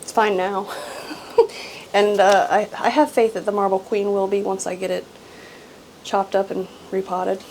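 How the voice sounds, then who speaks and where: A woman's voice: medium pitch, flat delivery, unhurried, long pauses, a little mellow, slight background noise, rough recording. Chatty woman showing off her houseplants. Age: adult with grown daughter. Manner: chatty, self-deprecating, laughs often, many ums. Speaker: houseplant channel host. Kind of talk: casual show-and-tell vlog.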